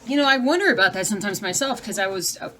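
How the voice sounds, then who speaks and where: A woman's voice: mid-range voice, expressive, quick pace, pushed and bright. A woman chatting casually on a live stream at home, reading viewer comments aloud and breaking off to deal with her dogs. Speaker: cross-stitch vlogger.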